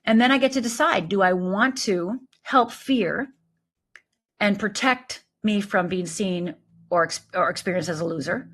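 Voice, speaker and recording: Emphatic middle-aged woman, slightly breathy. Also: mid-range voice, a little slow. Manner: animated, emphatic, lively storytelling with quoted voices. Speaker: life coach guest. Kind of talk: conversational interview.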